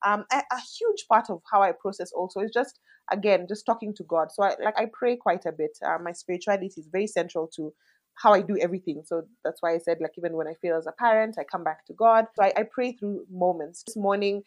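A woman's voice: medium pitch, fast talker. A woman in her thirties, a mother and interview guest, talking candidly and reflectively in casual conversation, with lots of "like" fillers.

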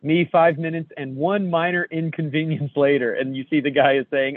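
A man's voice: a little high, measured pace, no echo. Joking man on a tinny line. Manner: jokey, self-deprecating, swears freely. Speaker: podcast co-host. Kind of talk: casual chat reading memes. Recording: tinny phone-like sound.

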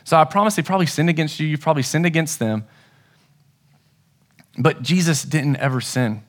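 A man's voice: a little high, a little fast. A man in his thirties preaching a sermon as pastor, telling family stories in an earnest, conversational way. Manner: conversational, earnest storytelling with restarts.

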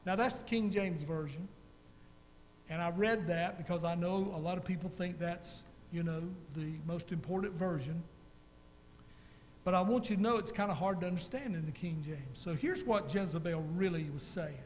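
A male pastor preaching a sermon in a folksy, animated storytelling way, calling out to his congregation. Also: high-pitched, moderate pace, long reverb tail, slight background noise.

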